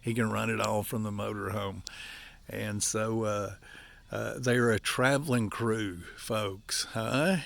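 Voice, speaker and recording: A man's voice: fairly low pitch, steady tone, slow, vocal fry, a bit bright. An older man with an Appalachian accent chatting folksily to viewers while working outdoors, out of breath. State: out of breath from physical work. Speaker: vlogger, campground owner. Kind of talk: casual walk-and-talk vlog. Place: outdoors at a wooded campground.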